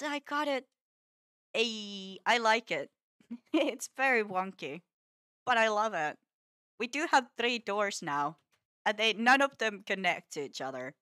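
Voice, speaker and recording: A woman's voice: a little high, bright, forceful tone, dry recording, studio quality. A woman streaming a building game, chatting casually, scolding the game in playful frustration and laughing often. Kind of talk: casual gameplay chat.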